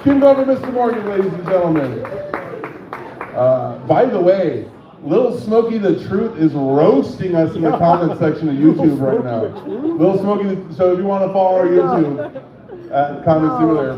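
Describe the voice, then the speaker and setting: A man's voice: a little high, expressive, normal speed. A man hosting a comedy show, joking loosely and introducing the next comic. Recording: echoey dull room recording. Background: crowd.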